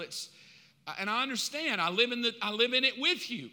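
A male pastor preaching a sermon with a high, very bright and cutting voice. He is impassioned, rising to loud preaching and dropping to quiet asides. His voice carries a long reverb from the sanctuary hall. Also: fairly quick.

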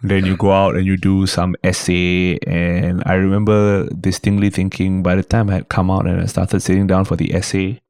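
Deep-voiced comedian, casual. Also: male voice, moderate pace, few pauses, clean tone, dry recording, clean studio sound. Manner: animated storyteller, swears casually. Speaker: guest host, stand-up comedian. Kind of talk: casual podcast chat.

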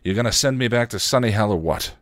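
A man voicing a starving, dying male vampire who talks in a weak, strained croak with a put-on accent. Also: lowish voice, expressive, fast, no echo, studio quality, pitched above the performer's own voice, natural voice. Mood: defiant.

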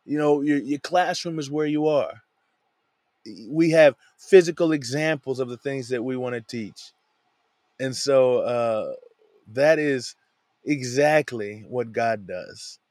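A man walks through a scripture passage in an easygoing, conversational way, often dropping in "man" as he explains. His voice sits at a middle pitch. The sound is dry and close, with no room echo. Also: slow, a little mellow. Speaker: Bible teacher. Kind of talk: casual Bible study talk. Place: lives in a van.

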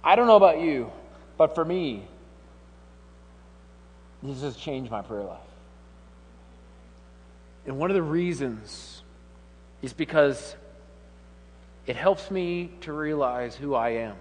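A man's voice: a little high, lively intonation, slow pace, long pauses. A man in his thirties preaching a humorous, conversational sermon with laughing asides. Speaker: pastor. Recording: long hall reverb.

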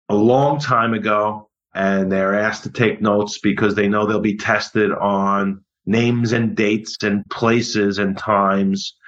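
A middle-aged man, a history teacher being interviewed, explaining in a measured, thoughtful way and often repeating words. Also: on the low side, fairly bright tone. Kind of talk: conversational interview. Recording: dull lo-fi audio.

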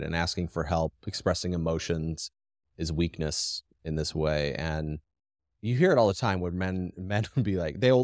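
A man's voice: low-pitched, no echo, clean studio sound. A man co-hosting a podcast, talking casually and directly, rambling with frequent restarts. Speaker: podcast co-host. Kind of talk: casual conversation.

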